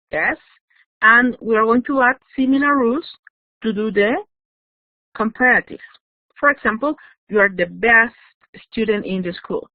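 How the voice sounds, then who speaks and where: A woman's voice: a little high, no echo. Woman teacher, patient explaining, frequent "yes?", thin phone-like sound. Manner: explains slowly, checks in with "yes?". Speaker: English teacher. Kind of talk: online grammar lesson. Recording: dry, tinny phone-like audio.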